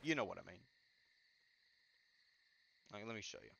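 A man's voice: on the low side, expressive, vocal fry, a bit bright, no echo. A young man giving casual game suggestions, stuttering often and trailing off with filler words. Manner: halting, filler-heavy, trails off with "but yeah". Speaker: gaming YouTuber.

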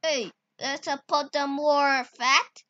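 A woman guides a casual video editing tutorial in halting, broken English. Her voice is high and bright, and she speaks very slowly, with sudden excited outbursts. The sound is close, dry and a little dull. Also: slight background noise. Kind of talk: casual screen-recorded tutorial. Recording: dull lo-fi recording.

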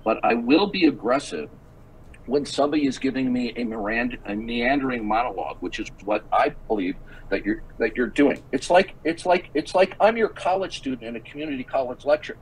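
A man's voice: mid-range voice, a little fast, slight background noise, rough recording. A man in his sixties in a heated online debate who keeps pressing his questions and talks over the other speaker. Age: 60s.

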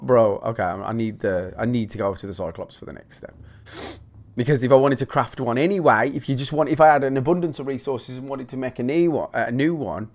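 Sweary chatty gamer man. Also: medium pitch. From England. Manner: sweary, chatty, jokey rants to viewers. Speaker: gaming YouTuber. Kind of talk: casual let's-play commentary.

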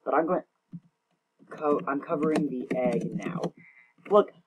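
A man's voice: fairly high pitch, measured pace, slightly rough. A young man casually commenting on his own gameplay, rambling, self-mocking and often tongue-tied. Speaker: gaming channel host.

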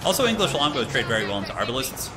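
A man giving casual, excitable live commentary on a strategy game tournament, chatting with his stream viewers as he goes. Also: mid-range voice, rapid-fire, crowd noise, noisy background. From United States. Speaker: tournament caster.

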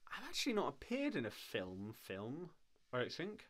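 A man's voice: mid-range voice, wildly swooping pitch, normal speed, a bit bright. Chatty, laughing male streamer. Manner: chatty and rambling, laughs often. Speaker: streamer and voice actor. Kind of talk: casual live-stream chat.

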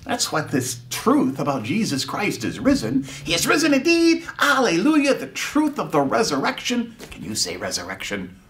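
A man leading a preschool chapel, telling a story in an animated, playful way that sometimes drops to a whisper. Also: high voice, recorded from a distance, a little hiss or hum. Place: church.

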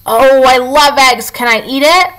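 A woman's voice: high-pitched, measured pace, a bit bright, pitched above the performer's own voice, low-quality recording. A woman voicing a pushy, sly male fox in a storybook read-aloud, pleading and eager. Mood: wheedling.

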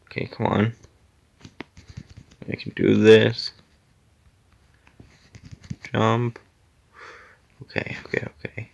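A man's voice: fairly low pitch, completely flat delivery, takes it slowly, gravelly, long pauses, darkish tone. A man giving casual commentary while playing an obstacle-course game, muttering to himself, sometimes dropping to a whisper and sometimes exclaiming at setbacks.

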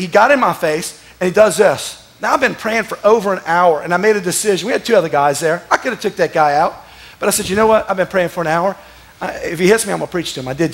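A man, a pastor telling stories in a sermon, animated and laughing, sometimes breaking into shouts. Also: high-pitched, vocal fry. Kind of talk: sermon storytelling. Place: church.

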